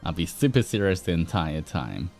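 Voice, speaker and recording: Playful Australian man with a deep-ish voice. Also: very animated, moderate pace, a little mellow, soft background music. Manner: laughs often, rambling and playful. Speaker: streamer. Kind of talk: casual chat with viewers.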